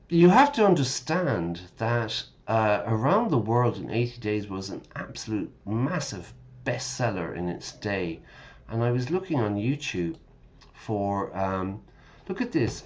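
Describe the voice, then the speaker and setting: A man's voice: medium pitch, very animated, a little slow, dull audio, a little hiss or hum. A man teaching English while streaming a game, chatting casually, correcting himself and explaining words as he goes.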